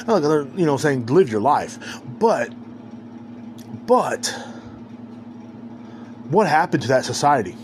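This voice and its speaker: A man on a podcast goes off in a loose, rambling rant. He swears freely and circles back on his points. His voice sits a bit high for a man, and faint vehicle noise hums underneath. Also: very animated, slow, pauses often. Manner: heated, profane, rambling. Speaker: podcast host. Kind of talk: casual ranting monologue.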